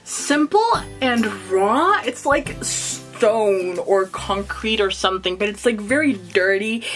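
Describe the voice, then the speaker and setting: A woman's voice: mid-range voice, a bit bright. A woman book vlogger talking through a casual book tag video, gushing and enthusiastic with a chatty, swearing-now-and-then manner.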